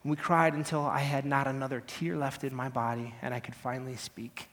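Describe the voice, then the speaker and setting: A man preaching a dramatic first-person story, swinging from hushed to loud. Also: mid-range voice, flat delivery, fairly quick, big-room sound, slight background noise.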